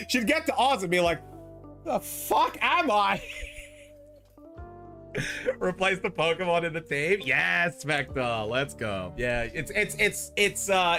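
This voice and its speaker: A man's voice: a little high, sing-song, moderate pace, bright, forceful tone, soft background music. A man with an Australian accent chatting casually to his live chat as a streamer, slangy and laughing often.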